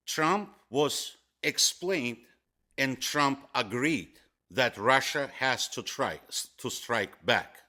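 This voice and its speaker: A man's voice: mid-range voice, fairly bright tone. A man giving a political commentary monologue, emphatic and hammering key words, speaking in broken English phrasing.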